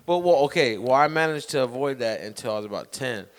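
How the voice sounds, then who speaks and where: A man from California co-hosting a podcast who talks in a laid-back, quieter way, mostly chiming in. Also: medium pitch, animated, quick pace. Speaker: podcast co-host. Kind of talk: casual chat.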